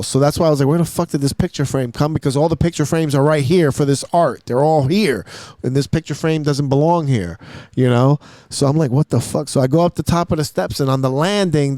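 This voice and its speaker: A man's voice: on the high side, no room sound. Man telling a story in a dry studio. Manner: animated, profane, acts out his own lines in a hushed voice. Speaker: podcast host. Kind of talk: casual storytelling. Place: podcast studio.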